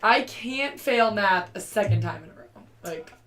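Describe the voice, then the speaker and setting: A woman's voice: medium pitch, expressive, moderate pace, fairly bright tone. A woman chatting casually as a role-play player, self-deprecating. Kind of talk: casual chat. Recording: voice far from the mic.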